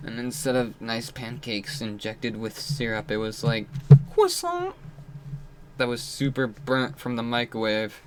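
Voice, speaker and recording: A man giving casual gameplay commentary, rambling and frustrated, muttering low and then yelling out. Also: flat delivery, moderate pace, hardly any pauses, a little hiss or hum. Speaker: gamer playing and commenting.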